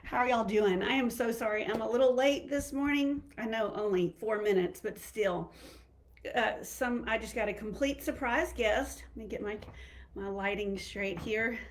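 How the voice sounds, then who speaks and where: A woman's voice: fairly high pitch, moderate pace, a little hiss or hum. A middle-aged woman with a Southern American accent, a physician talking casually on a live stream, a little out of breath and rambling with many fillers. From Southern United States. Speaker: internal medicine physician hosting a live stream.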